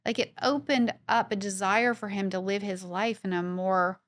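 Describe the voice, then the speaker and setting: A woman guest on a podcast, telling stories in a brisk, opinionated way during casual chat. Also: medium pitch, steady tone.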